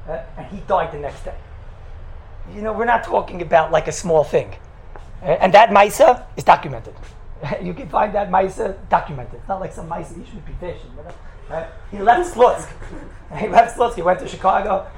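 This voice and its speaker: A man who teaches in a yeshiva, telling stories in a lively talk and acting out the quotes. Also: sits high, normal speed. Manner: animated, acts out the quotes in his stories. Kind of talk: storytelling talk. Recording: echoey room with faint background noise.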